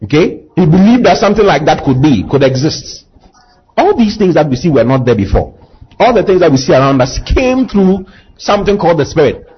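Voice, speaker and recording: Husky-voiced man preaching with call-and-response. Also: on the high side, big pitch swings, brisk, lo-fi sound. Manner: call-and-response preaching, rising to impassioned emphasis. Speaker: pastor. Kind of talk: sermon.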